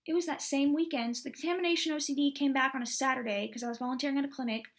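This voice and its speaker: Vlogger, woman, 20s, from Texas. Slightly high voice with heavy vocal fry. Candid and rambling, lots of "like.". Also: rapid-fire. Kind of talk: personal story vlog.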